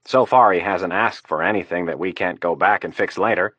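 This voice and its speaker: A man's voice: deep voice, a little fast, a bit bright, no room sound, lo-fi sound. A man doing a crude, scheming political aide. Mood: scheming confident. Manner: smooth, scheming, coarse.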